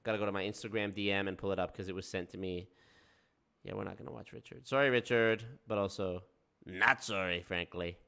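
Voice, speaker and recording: A man's voice: low voice, steady tone, fairly quick, vocal fry, sharp tone, clear, resonant tone. A man hosting reaction commentary, crude and mocking, swearing freely. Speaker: commentary host.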